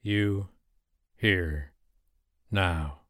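A calm, mysterious jungle man of few words, voiced by a man, speaking in short and cryptic lines. The voice is low and sits close and dry, with no room around it. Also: extremely slow, dry recording, full character voice. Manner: terse and cryptic.

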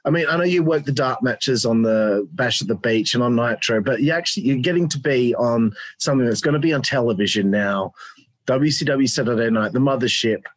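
A man's voice: medium pitch, a little fast, no room sound, poor audio. A man hosting a casual interview, asking long questions with many fillers. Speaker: interviewer, podcast host.

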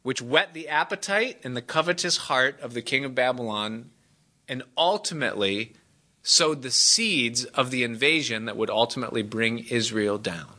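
Male pastor, very bright tone, dramatic sermon delivery. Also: normal speed. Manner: dramatic, acts out quoted voices with big pitch jumps.

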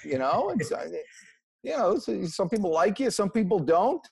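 A man talks as an interview guest, pushing motivational advice with a preachy energy. His voice sits high and swings widely in pitch. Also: big pitch swings, normal speed, gravelly, darkish tone, husky. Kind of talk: casual interview talk.

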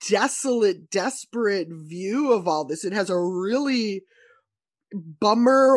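A woman's voice: mid-range voice, no room sound. Chatty woman talking about films. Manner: enthusiastic, chatty, opinionated. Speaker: podcast host. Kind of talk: casual film discussion.

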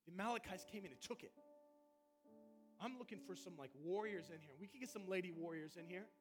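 A man's voice: high voice, expressive, fairly quick, over music. A man preaching a fiery sermon in a church. He repeats his calls again and again and rouses the congregation. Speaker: pastor. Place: church sanctuary.

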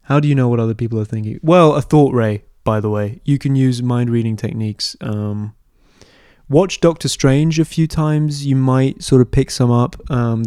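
A young London man in his 20s hosts a casual solo podcast, answering listener questions in a mellow, medium-pitched voice with a clean tone. He rambles and hesitates, slipping in deadpan, absurd humor. The studio-quality recording has no room sound.

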